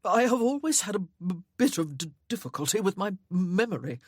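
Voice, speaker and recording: A meek gentleman who stammers through his words, voiced by a woman reading a storybook. The speech halts and restarts, with a faint husk. The recording is dry and close. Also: low-pitched, lively intonation, unhurried, no room sound.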